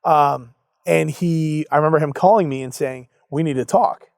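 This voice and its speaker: A young man with a fairly high voice tells his story in a relaxed interview, playing out both sides of old arguments. His voice is recorded up close and dry, with no room sound. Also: normal speed, creaky, no room sound. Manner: animated storyteller acting out both sides of conversations. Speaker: entrepreneur guest.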